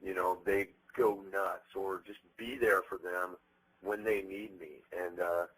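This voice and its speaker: A man in his thirties being interviewed, telling stories bluntly with plenty of profanity and animated energy. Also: sits low, a little slow, breathy edge, rough recording. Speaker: interviewed musician. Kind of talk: candid interview talk.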